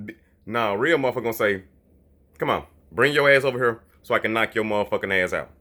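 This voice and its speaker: This boxing commentator has a lowish voice and talks fast, his delivery pushed and bright. He launches into a heated, profane monologue about boxing that's blunt and repetitive, often mocking others by quoting them in put-on voices.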